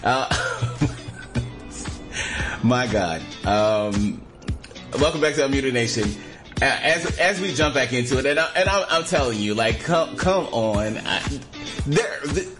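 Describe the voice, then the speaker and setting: A man's voice: medium pitch, animated, unhurried, pauses often, over music. A man hosting a radio talk show, talking in a casual, emphatic way and repeating his phrases. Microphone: studio microphone.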